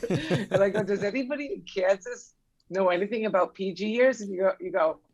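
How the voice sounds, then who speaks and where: A woman's voice: mid-range voice, fairly quick, no room sound. A middle-aged woman, a basketball player's mother, chatting as a podcast guest and telling stories with remembered dialogue. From New England. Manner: warm storytelling, acting out remembered dialogue. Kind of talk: casual podcast chat.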